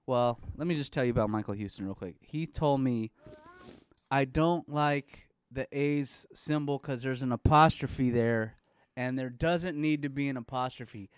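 On a studio microphone, a man in his thirties from California's Bay Area hosts a casual podcast chat show, rambling, cursing, cracking jokes, and baby-talking to his son. His mid-range voice is unhurried and clean, and the recording is dry.

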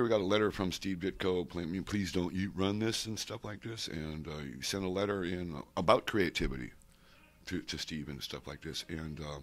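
A man in his sixties, being interviewed, telling rambling oral-history stories full of digressions and asides. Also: sits low. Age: 60s. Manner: digressive, with many asides and restarts. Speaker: interviewee, comics fan and collector. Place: convention center interview room.

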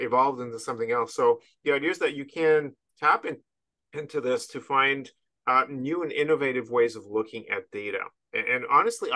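A man's voice: mid-range voice, bright, forceful tone. A man from Canada, a podcast guest, talking casually and rambling with frequent restarts and chuckles. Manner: rambling, self-interrupting, chuckles at absurdities. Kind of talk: casual interview chat.

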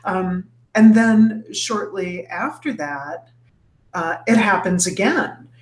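Speaking slowly but with animation in a mid-range voice, this podcast co-host walks through a book's plot in a casual book-club chat. She's full of fillers and restarts, and the audio carries a roomy echo over faint background noise.

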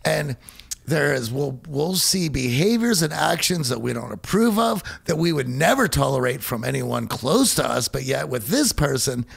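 A man's voice: mid-range voice, sing-song, normal speed, vocal fry, husky. A man from Pittsburgh with an American accent, co-hosting a casual podcast conversation, often stammering and restarting his sentences. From Pittsburgh, USA. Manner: restarts, stammers, rising emphasis. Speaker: podcast co-host.

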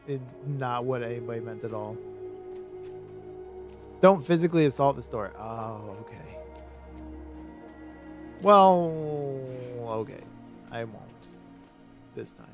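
Rambling male game streamer. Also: mid-range voice. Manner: rambling, with sudden excited outbursts. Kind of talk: casual gameplay commentary.

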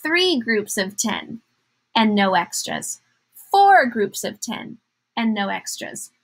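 Slow patient lady teacher counting out loud for small kids, kinda high voice. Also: sing-song, creaky, slightly rough, low-quality recording. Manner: patient, sing-song counting aloud. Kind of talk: remote math lesson for young children.

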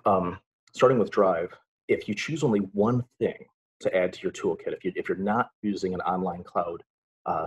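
Low, very husky-voiced man presenting. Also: poor audio. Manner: chatty, with many filler sounds and dry sarcastic asides. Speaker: college English instructor presenting a webinar. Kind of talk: casual webinar presentation.

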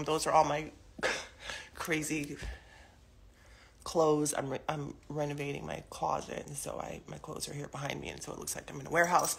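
A woman's voice: low voice, vocal fry, a bit bright, a little hiss or hum. A woman in her forties speaking casually and emotionally from her living room, defending her family in a rambling live video. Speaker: mother addressing the public.

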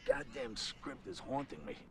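A man's voice: medium pitch, sing-song, moderate pace, fairly bright tone. An actor playing a vain male movie star who complains about his lot. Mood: grumbling. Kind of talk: film acting.

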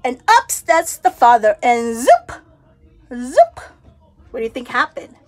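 Telling a children's story at a slow pace, a woman with a slightly high voice brings it to life with character voices, sound effects and lively expression.

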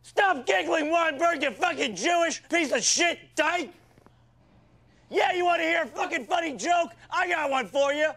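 A man playing a foul-mouthed, hot-tempered football coach in a comedy sketch, yelling insults at his players. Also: very high voice, moderate pace, exaggerated voice. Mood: ranting.

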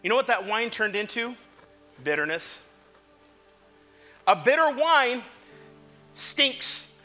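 Male pastor, high bright voice, fervent sermon that swings from hushed to shouting. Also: very animated, takes it slowly, soft background music. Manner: impassioned, swings from quiet to shouting. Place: church sanctuary.

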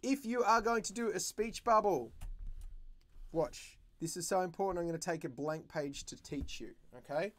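A man hosting a drawing livestream for kids, talking in a playful, animated and jokey way as he teaches. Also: high voice, moderate pace.

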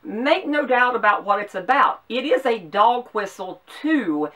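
A woman's voice: on the high side, lively intonation, bright, forceful tone, far from the mic. Emphatic Southern woman host. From American South. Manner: earnest, emphatic, with measured pauses. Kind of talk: opinion commentary.

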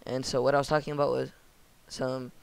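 Young guy walking through a game build tutorial, flat monotone, gravelly, smooth clear voice. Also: mid-range voice, a little fast, dry recording. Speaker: channel host.

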